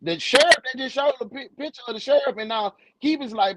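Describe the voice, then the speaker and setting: Man, reaction host, high lively voice, loud slangy rants, faint hiss behind. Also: quick pace, hardly any pauses, rough recording. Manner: loud, slangy, excitable, swears freely. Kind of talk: animated reaction commentary.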